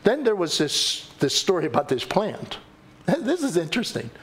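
A male pastor preaching a sermon, telling the story with animated delivery and acting out the quoted voices. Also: high-pitched, moderate pace, slightly rough.

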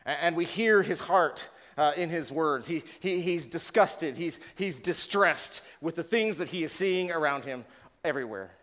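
A man's voice: a little high, normal speed, a bit bright. A man preaching a sermon earnestly, with frequent repeated words and rising passion when reading scripture. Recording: long reverb of a large room.

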